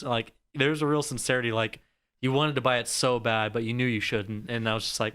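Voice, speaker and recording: A man's voice: medium pitch, fairly even intonation, brisk, a bit bright, smooth. A young man co-hosting a podcast, chatting in a laid-back way, laughing often and saying "like" a lot. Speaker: podcast co-host. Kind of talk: casual chat.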